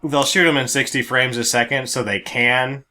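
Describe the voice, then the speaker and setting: Wry man with a bright voice. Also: medium pitch, fairly even intonation, normal speed. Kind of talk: casual movie review chat.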